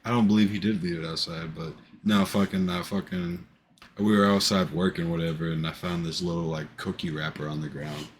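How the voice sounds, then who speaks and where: A man's voice: low voice, fairly even intonation, brisk, slight background noise. A young man in casual podcast chat, swearing and laughing, acting out what he said to coworkers. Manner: laughing, profane, acts out his own quotes loudly. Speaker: podcast co-host.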